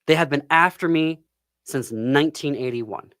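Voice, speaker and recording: A man hosting a podcast, ranting with anger about politics, breaking off with sighs and pauses. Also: on the high side, a bit bright, no echo, clean studio sound. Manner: angry, pauses and sighs, near tears. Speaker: podcast host. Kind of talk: impassioned political commentary. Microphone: close studio microphone.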